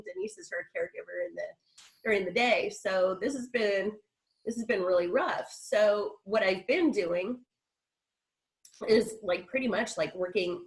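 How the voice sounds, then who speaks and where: A woman's voice: mid-range voice, rough recording. A middle-aged woman on a video call, telling a personal story in a chatty, rambling way with frequent restarts and laughs. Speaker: guest speaker.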